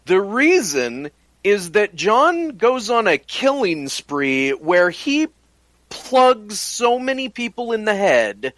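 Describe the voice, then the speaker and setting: Lively, animated man recapping a movie. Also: high voice, dry recording. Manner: retells the film plot in detail, drawn out for emphasis. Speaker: podcast co-host. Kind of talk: casual podcast chat.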